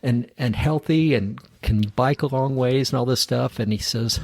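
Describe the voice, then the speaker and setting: A middle-aged man with a husky, slightly breathy voice at an ordinary pitch tells a personal story as a podcast guest. He acts out the lines of the people in it and chuckles along. The sound is dry and close, with no room around it. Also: moderate pace, no echo. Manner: animated storyteller acting out dialogue, chuckling at his own story. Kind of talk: storytelling in a casual interview.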